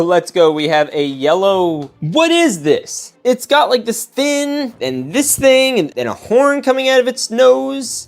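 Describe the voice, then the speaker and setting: Man, toy-building host, casual unboxing chat, jokey, very lively swings in pitch. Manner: excitable, jokey, chatty.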